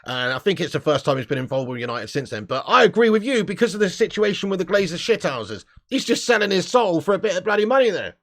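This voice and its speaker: A man's voice: sits high, lively intonation, quick pace, few pauses, fairly bright tone. A man hosting a casual live-stream fan show, blunt and sweary, laughing between rants.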